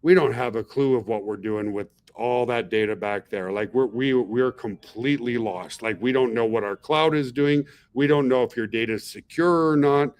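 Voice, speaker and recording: A man's voice: mid-range voice, moderate pace, few pauses. A middle-aged man hosting a webinar, talking casually and asking "okay?" and "guys" to check in with his listeners. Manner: chatty, peppers talk with "okay?" and "guys". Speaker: webinar host, company founder.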